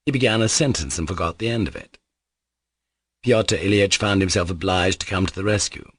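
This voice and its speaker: A man narrating a classic novel as an audiobook in a steady, measured way. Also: low-pitched, breathy edge, dry recording. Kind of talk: scripted narration.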